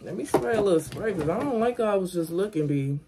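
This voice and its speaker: A woman's voice: mid-range voice, quick pace, background noise. Chatty young woman vlogging at home. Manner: chatty, animated, talks straight to viewers. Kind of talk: casual vlog chat to camera. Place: at home, indoors. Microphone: camera on a stand.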